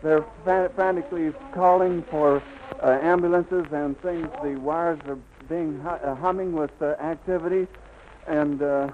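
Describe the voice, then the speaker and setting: Preserved on a dull, lightly hissy disc from the 1930s, this on-the-scene radio report comes from a man whose voice is on the high side, steady and measured. He describes what he witnesses in vivid, flowing detail.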